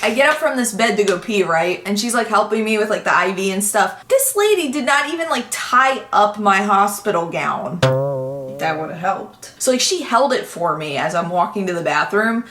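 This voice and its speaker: A woman vlogger telling a casual storytime, chatty and animated, with lots of "like" in her talk. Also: mid-range voice, normal speed, echoey room, faint music behind.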